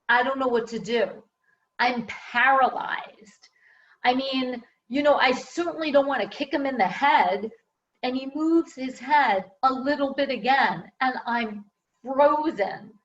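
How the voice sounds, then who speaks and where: A woman telling a personal story in an expressive, deadpan comic style, recording at home. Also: on the high side. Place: her home. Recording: distant, dull home video audio.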